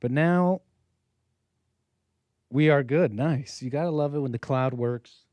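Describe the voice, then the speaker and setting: A man's voice: medium pitch, measured pace, a little mellow, no echo. Male live-stream host, casual and rambling, mid-range voice, dry close-mic sound. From United States. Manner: chatty, jumps between topics. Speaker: livestream host.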